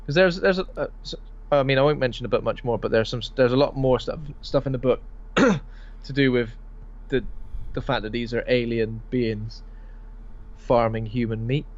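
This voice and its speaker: A man's voice: medium pitch, normal speed. A man co-hosting a podcast, chatting casually about a film. He swears freely and often acts out lines in a raised voice. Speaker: podcast co-host. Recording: dull lo-fi podcast audio.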